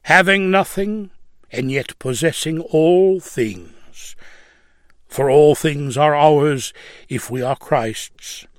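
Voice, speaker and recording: Male narrator, solemn and measured, slightly high voice, dry close sound. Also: dry recording. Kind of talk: scripted reading of a religious story.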